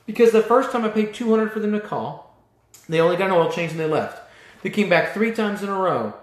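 A man's voice: sits high, lively intonation, fairly quick, reverberant. A man coaching auto repair shop owners in a fired-up, blunt, mildly profane motivational talk.

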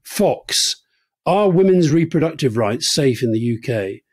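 A man's voice: on the high side, animated, measured pace, a little mellow, breathy edge, no echo. A man in his sixties co-hosting a conversational political podcast, earnest and reflective. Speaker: podcast co-host.

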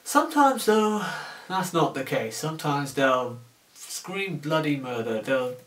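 Recorded off-mic from a distance with roomy echo, a young man from the UK rants to camera about his job as a shop cashier. His fairly high, slightly bright voice swings widely in pitch at a slightly slow pace. He's sarcastic and exasperated, playing out customer exchanges for comedy.

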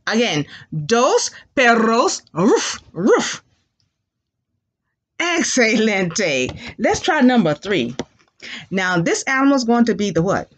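Woman, young-class teacher, call-and-repeat drills, animal noises, swooping pitch, slow delivery. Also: big pitch swings. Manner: sing-song, leads call-and-repeat drills with animal sounds. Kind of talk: children's language lesson.

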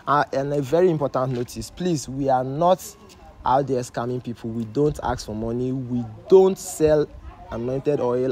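A man's voice: medium pitch, dark tone. A man with a Nigerian accent hosting a staged deliverance video, earnestly speaking to camera and mediating. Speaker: pastor, host.

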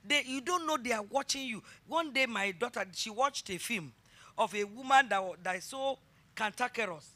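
A middle-aged woman pastor with a Nigerian accent preaching a sermon, emphatic and repeating her phrases as she builds to shouted exhortation. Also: high-pitched, expressive, normal speed.

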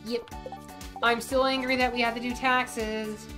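A woman's voice: on the high side, level tone, measured pace. Woman, streamer, casual gaming chat, playful, swears a lot, talks to game characters, faint background music. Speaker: vtuber streamer. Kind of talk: casual chat while playing a farming game.

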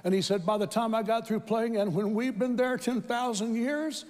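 A man with a Southern American accent preaching a sermon, telling a story with animated quoted voices that climb into shouts of praise. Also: high voice, normal speed. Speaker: pastor. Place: large church hall with congregation. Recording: reverberant church hall with crowd.

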